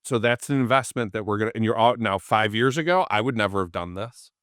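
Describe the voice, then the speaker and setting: A man with a fairly low voice speaks as the guest in a relaxed interview. He tells stories with animation and puts on the voices of the people he quotes. The sound is dry and close, with no room echo. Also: fast talker. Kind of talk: casual interview storytelling.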